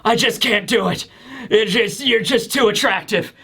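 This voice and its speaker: A man's voice: sits high, moderate pace, creaky, pushed and bright, breathy edge, heavily acted. A man doing a smitten, beaten pirate captain. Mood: defeated groaning. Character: defeated male pirate captain, smitten and grumbling.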